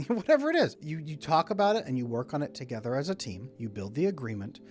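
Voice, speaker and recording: A man's voice: a little high, sing-song, quick pace, few pauses, faint music behind. A man speaking as a relationship coach, talking to camera and acting out both partners in short mock dialogues. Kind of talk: solo talk to camera.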